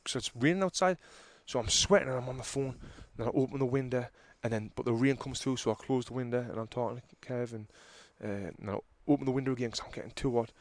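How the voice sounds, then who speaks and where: Animated man telling stories. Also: medium pitch, quick pace, few pauses, dry recording. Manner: animated storyteller who acts out arguments loudly. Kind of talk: casual chat, storytelling.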